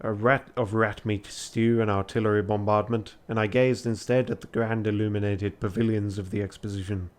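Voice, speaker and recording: A man's voice: lowish voice, flat delivery, normal speed, few pauses. A tired man reading a text adventure aloud late at night on a charity stream, with joking asides.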